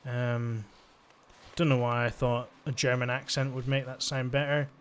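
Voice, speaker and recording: A man's voice: medium pitch, flat delivery, normal speed, a little hiss or hum. A man giving chatty, joking commentary while he plays a video game. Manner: chatty, joking, thinks aloud. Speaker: let's-play gamer. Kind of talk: casual gameplay commentary.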